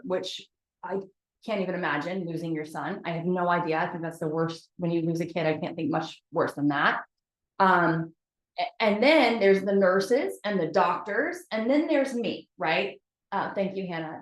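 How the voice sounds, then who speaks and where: A woman giving a candid, chatty motivational talk to a live audience, speaking straight to her viewers. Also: medium pitch. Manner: candid, chatty, addresses viewers as "you guys". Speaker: host of a weekly motivational live video. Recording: roomy echo.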